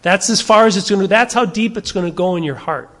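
A man preaching a sermon, emphatic, shifting between strong stresses and quiet asides. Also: high voice, quick pace, big-room sound. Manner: emphatic, varies loudness, drops to quiet asides. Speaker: pastor.

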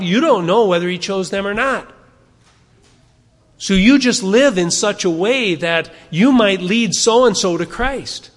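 Man preaching a sermon in a big hall. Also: high-pitched. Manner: earnest, conversational preaching with acted-out arguments; softens and slows into prayer at the close. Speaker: pastor.

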